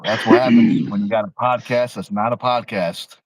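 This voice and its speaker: A man's voice: on the low side, fairly even intonation, normal speed, husky, no room sound, low-quality recording. A young man co-hosting a casual livestream, laughing often and trailing off mid-sentence. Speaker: co-host of a livestream.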